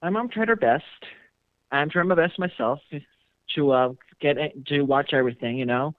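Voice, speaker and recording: A man's voice: on the high side, moderate pace, no echo. A man calling into a podcast, talking hesitantly with fillers. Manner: hesitant, self-conscious. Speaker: caller. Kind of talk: phoned-in chat. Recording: dull dry lo-fi call line.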